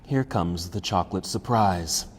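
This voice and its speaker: An American man leading a yoga class, giving calm step-by-step cues for poses and breath. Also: sits low, unhurried, big-room sound, background noise. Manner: calm instructive cueing, breath counts. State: slightly out of breath. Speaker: yoga instructor. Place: yoga studio.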